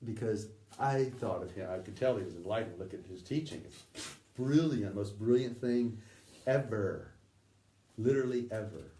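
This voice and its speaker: A man telling a story to a small group in a rambling, animated way, full of restarts and fillers. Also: lowish voice. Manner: rambling, frequent fillers and restarts, laughing asides. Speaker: storyteller at a spiritual gathering. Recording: echoey room, far from the mic, faint noise.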